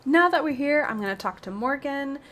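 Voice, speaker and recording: A woman's voice: high voice, lively intonation, brisk, a bit bright, faint music behind. A woman hosting a gaming video, chatting casually to her viewers as she plays. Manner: chatty, addresses viewers directly. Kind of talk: casual gameplay commentary.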